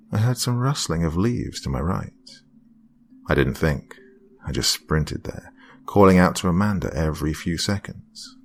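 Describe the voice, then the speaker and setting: A man with a very low, deep voice reads a first-person horror story. His delivery is hushed and dramatic and often drops to a whisper. Faint music plays underneath. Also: vocal fry. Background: faint background music.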